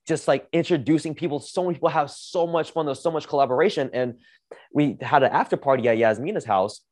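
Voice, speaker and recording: A man hosting a podcast, telling a story in a casual, energetic way, swearing often and saying "like" a lot. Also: fairly high pitch, fast talker, no echo, studio quality. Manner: energetic, profane, heavy use of "like". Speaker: podcast host.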